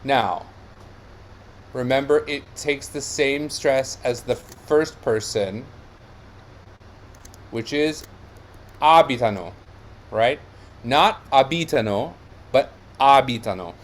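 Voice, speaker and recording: A man's voice: mid-range voice, slow, pauses often. A man teaching Italian diction in an online lesson, explaining step by step and checking in with "yeah?" and "right?".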